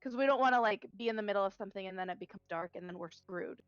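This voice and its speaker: A woman's voice: mid-range voice, racing, clear, resonant tone, no room sound, dull audio. A woman playing a tabletop game, reasoning through a plan in a practical way. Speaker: player. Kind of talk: casual chat.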